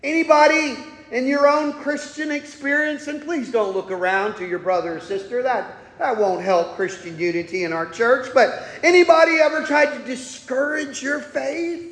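High-voiced preacher in an echoey hall. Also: male voice, normal speed, hardly any pauses. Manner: emphatic preaching with sudden loud outbursts and hushed asides. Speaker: pastor. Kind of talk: sermon. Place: church sanctuary. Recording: echoey hall with long reverb.

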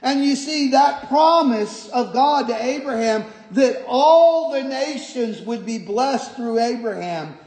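Emphatic preacher in an echoey hall. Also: male voice, very high-pitched, lively intonation, slow, few pauses. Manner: emphatic, repeats key phrases, shifts from quiet to shouting. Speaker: pastor. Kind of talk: sermon.

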